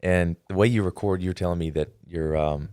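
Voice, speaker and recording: A man hosts a casual podcast interview in a very low voice, thinking aloud and pausing on fillers as he goes. The recording is dry and close. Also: steady tone, mellow, clean tone, no room sound. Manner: reflective, hesitant, with fillers and restarts. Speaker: podcast host.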